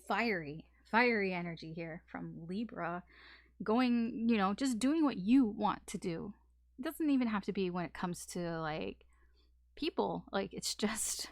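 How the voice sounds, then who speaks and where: A woman's voice: medium pitch, unhurried, no echo, clean studio sound. Frank, swearing woman giving a tarot reading. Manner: frank and swearing, with frequent fillers. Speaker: tarot reader. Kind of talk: casual tarot reading monologue.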